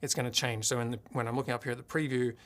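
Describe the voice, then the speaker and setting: A man's voice: medium pitch, steady tone, rapid-fire, fairly bright tone. A man from Australia hosting a live tech tutorial from his home streaming studio, talking casually and thinking aloud as he works his gear. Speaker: livestream host.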